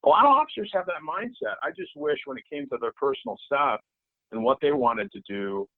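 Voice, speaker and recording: Heard over a dry, tinny, phone-like line, this middle-aged podcast guest speaks a bit fast in an expressive voice on the high side, with no echo. In the casual interview he curses openly and keeps going back over the same points.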